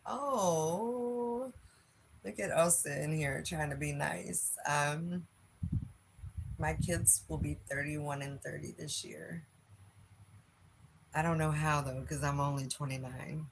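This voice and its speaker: A woman's voice: deep voice, fairly even intonation, unhurried, creaky, pauses often, background noise. A woman in her late forties with a Philadelphia accent, chatting frankly on a livestream, reading comments and laughing often. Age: 40s. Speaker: livestream host.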